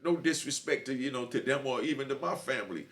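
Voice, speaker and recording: A man's voice: mid-range voice, fast talker, fairly bright tone. A middle-aged man telling his own story to camera in a streetwise way, often asking "you know what I mean". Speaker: host.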